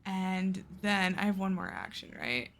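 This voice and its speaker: A woman playing in a tabletop game, talking slowly and playfully with some hesitation. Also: mid-range voice, expressive, a bit bright. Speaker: player.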